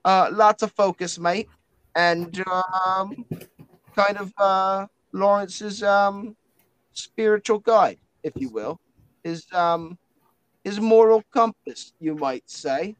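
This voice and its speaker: A man's voice: sits high, slow pace, clear, resonant tone, no room sound, voice pushed up, low-quality recording. A man voicing a male spirit trapped in a talking book, stammering and calling everyone mate. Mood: musing.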